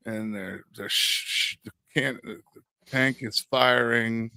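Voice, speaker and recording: A middle-aged man chatting casually on a podcast, rambling and stumbling over his words, dropping curses as he tells a story. His voice sits in an ordinary middle pitch and is recorded close and dry. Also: steady tone, slow pace, creaky, sharp tone, no echo. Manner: rambling storyteller, swears freely, stammers and restarts. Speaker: podcast co-host. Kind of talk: casual chat.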